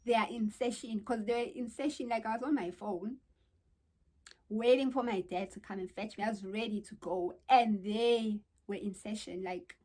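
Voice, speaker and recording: A young woman from South Africa with a South African accent, telling a story to her channel in casual, animated, exclamatory chat. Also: mid-range voice. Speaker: vlogger.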